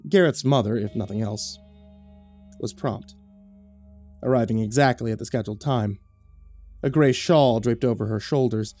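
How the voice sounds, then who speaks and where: A man reading a horror story as narrator, measured and low-key, on a close studio mic. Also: dark tone, no echo.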